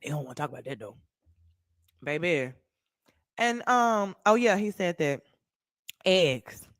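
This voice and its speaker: A lively woman from Texas hosts her own livestream, her voice swooping up and down as she reacts to the comments coming in. She swears without a second thought and talks to her viewers like friends. The sound is close and dry. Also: lowish voice, a little slow, no echo. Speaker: livestreamer and podcaster. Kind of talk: casual livestream chat.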